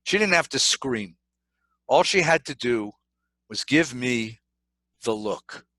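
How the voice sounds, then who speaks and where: A middle-aged man, a rabbi, giving a dramatic, animated lecture on scripture at a synagogue. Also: mid-range voice, slow, dry recording. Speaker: rabbi, keynote speaker.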